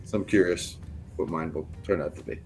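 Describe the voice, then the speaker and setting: A man's voice: low voice, fairly even intonation, brisk, slightly rough, faint music behind. A man co-hosting a livestream in easygoing, rambling casual chat. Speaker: co-host.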